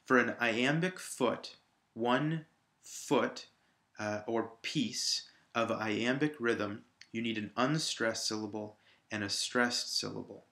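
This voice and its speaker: A man's voice: medium pitch, slow pace, sharp tone, echoey room. A male teacher patiently explaining a lesson, repeating examples aloud to stress each syllable. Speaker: high school English teacher. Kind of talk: recorded video lesson.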